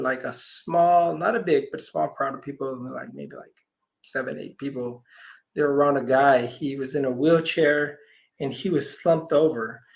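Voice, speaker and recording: A man's voice: fairly high pitch, creaky. A man, a healer guest on an interview show, telling a long personal story and acting out the voices of the people in it, sometimes dropping almost to a whisper. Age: adult parent. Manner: animated storyteller, acts out quoted voices, drops to near whispers.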